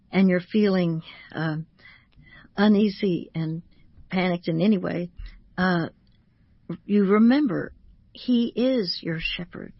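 A woman with a low, husky voice speaks as a Christian author on a talk show. She teaches in a measured way and slows down to lean on each word. The sound is dry and slightly muffled, as on lo-fi radio. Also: no room sound. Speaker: guest, Christian author and ministry founder.

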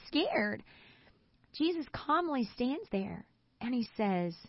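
A woman co-hosting a Bible discussion, an animated storyteller who acts out the quotes she tells. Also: on the high side, no room sound, muffled recording. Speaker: co-host.

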